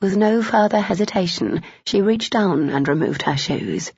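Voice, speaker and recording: A woman reading a romance novel aloud as an audiobook narrator, steady and even. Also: mid-range voice, normal speed, breathy edge, no room sound. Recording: dull, dry, lo-fi.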